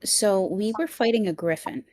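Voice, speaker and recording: A woman playing a tabletop game, giggly and animated, telling stories with halting restarts. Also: mid-range voice, no room sound, clean studio sound, soft background music. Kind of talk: in-character table banter.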